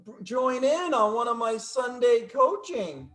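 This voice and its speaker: A man's voice: extremely high pitch, animated, unhurried, fairly bright tone. A man coaching in casual conversation, speaking in emphatic, repetitive affirmations over a video call. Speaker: life coach.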